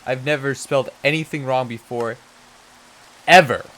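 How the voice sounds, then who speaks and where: A man's voice: on the low side, expressive, measured pace, pushed and bright, low-quality recording. A man streaming a game, muttering to himself and trading mock-outraged jokes with his chat. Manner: mutters to himself while playing. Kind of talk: casual live game stream talk.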